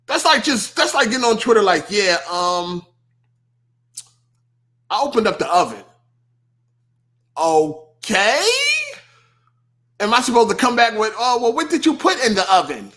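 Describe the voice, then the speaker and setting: A man's voice: high voice, unhurried, pauses often. A man hosting a podcast, ranting in casual speech with lots of swearing and mocking asides. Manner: animated, swearing, laughing, mocking quoted voices. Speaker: podcast host. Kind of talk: casual rant.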